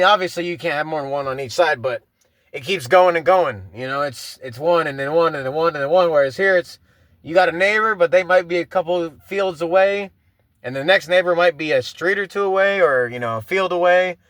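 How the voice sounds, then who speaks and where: A man's voice: on the high side, bright, forceful tone, no room sound. A man in his thirties from Florida, hosting a casual solo podcast, rambling with many fillers and restarts and swearing freely. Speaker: podcast host.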